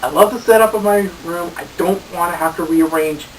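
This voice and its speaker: A man's voice: high voice, fairly quick. Exasperated man, distant hissy mic. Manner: exasperated, swearing, stammering restarts. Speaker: game reviewer host. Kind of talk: on-camera venting to viewers. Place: his own room.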